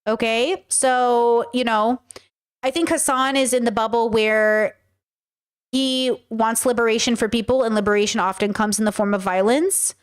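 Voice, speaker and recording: A woman's voice: on the high side, steady tone, moderate pace, clear, resonant tone. A woman hosting a casual reaction commentary, chatty and rambling with frequent laughs. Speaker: commentary host reacting to clips.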